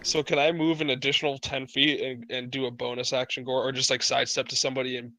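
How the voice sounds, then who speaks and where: Bright-voiced man playing a tabletop game. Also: medium pitch, level tone, fast, dry recording. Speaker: player. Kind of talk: casual game chat.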